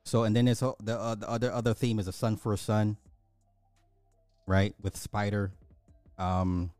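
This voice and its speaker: A man giving an animated, emphatic casual recap of a movie, repeating himself for effect. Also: lowish voice, moderate pace, clear, resonant tone, no room sound, soft background music. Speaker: movie reviewer.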